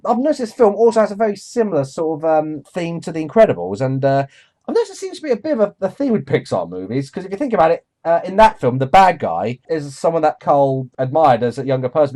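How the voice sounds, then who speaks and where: A man's voice: a little high, mellow. A man chatting casually as co-host of a film review, enthusiastic and rambling with lots of fillers and restarts.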